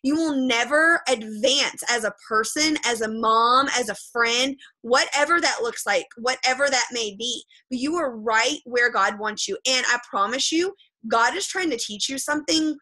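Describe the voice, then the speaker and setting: A woman's voice: fairly high pitch, normal speed, sharp tone, rough recording. A woman giving a motivational pep talk to a group over a video call, emphatic and repetitive, blunt and sometimes swearing, often checking in with "okay?". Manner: frank, with mild swearing. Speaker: motivational speaker addressing a group.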